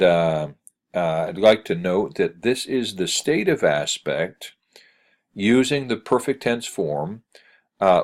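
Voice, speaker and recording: A man teaching Greek grammar in a recorded screencast lecture, halting and full of "uh" fillers as he reads examples aloud. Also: sits low.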